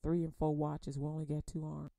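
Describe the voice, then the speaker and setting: A woman's low-pitched, mellow voice, with vocal fry and little pitch movement, carries a radio Bible study. She preaches conversationally with repeated words and folksy turns of phrase, then reads scripture slowly and emphatically. There is no room sound.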